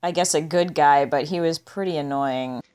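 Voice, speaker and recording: A woman's voice: low-pitched, normal speed, darkish tone, clean tone. A woman co-hosting a podcast, chatting casually about a movie in a dry, musing way that often trails off. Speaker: podcast co-host.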